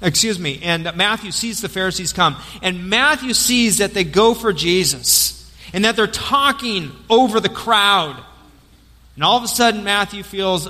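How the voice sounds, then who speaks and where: A man preaching a sermon as a pastor, telling the story in a lively way over an amplified mic in a church. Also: high-pitched, a little slow. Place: church sanctuary. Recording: long church hall reverb.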